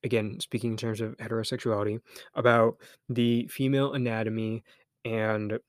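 A man's voice: on the low side, flat delivery, moderate pace, dry recording, studio quality. A young man hosting a solo podcast, talking candidly and loosely, thinking aloud with restarts, a little embarrassed but encouraging. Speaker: podcast host. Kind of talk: casual solo podcast monologue.

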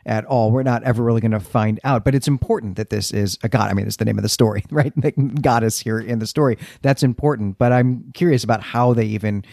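A man co-hosting a book podcast, musing quickly about a story and chuckling now and then. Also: medium pitch, gravelly, dark tone, dry recording, clean studio sound. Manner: quick, musing, laughs easily. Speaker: podcast co-host. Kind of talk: casual book discussion.

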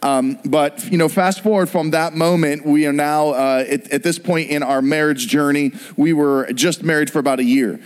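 Animated middle-aged male pastor. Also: on the high side, moderate pace, few pauses, smooth. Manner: animated storytelling, acts out voices. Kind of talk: sermon with personal story.

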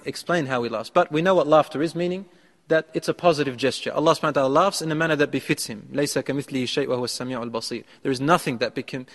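A man's voice: medium pitch, a bit bright, long reverb tail. A man preaching a sermon, who retells a story and acts out the lines of the man in it.

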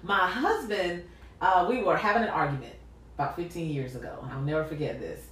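A woman's voice: lowish voice, fairly quick, distant mic. A woman hosting a casual faith talk, telling a personal story with lots of acted-out dialogue and laughter. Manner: animated storytelling, acts out dialogue, laughs often. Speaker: podcast host. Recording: echoey room, off mic.

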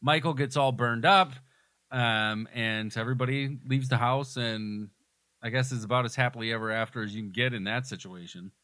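A man talks through a movie's plot in relaxed podcast chat, recounting each scene in detail. His voice is bright and forward, and the recording is close and dry with no room sound. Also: mid-range voice, normal speed, no echo. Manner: retells scenes in detail, laughs often. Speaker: podcast co-host. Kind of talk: casual movie discussion.

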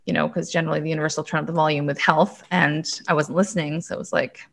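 A woman's voice: low-pitched, little pitch movement, quick pace, creaky, a bit bright. A woman in her thirties from Canada, a podcast guest and intuitive coach telling her own story in a chatty, casual way, swearing freely and saying "like" often.

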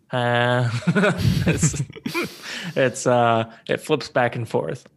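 A man's voice: medium pitch, steady tone, measured pace, creaky, a bit bright. A man co-hosting a video game podcast, chatting casually with lots of restarts. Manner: rambling, with many restarts and fillers. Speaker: podcast co-host. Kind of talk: casual chat about video games.

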